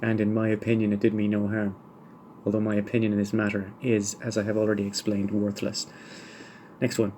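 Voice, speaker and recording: A man's voice: lowish voice, little pitch movement, a little fast, darkish tone, a little hiss or hum. A man hosting a solo podcast, answering listener questions one by one with dry, wry humour and rambling asides. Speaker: podcast host.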